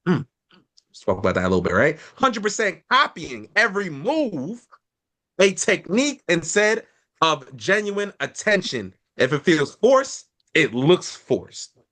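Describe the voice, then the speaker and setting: A man reading training slides aloud to his team, dropping wry comments in between. His voice is bright and animated, swinging widely in pitch. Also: unhurried. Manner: wry asides while reading.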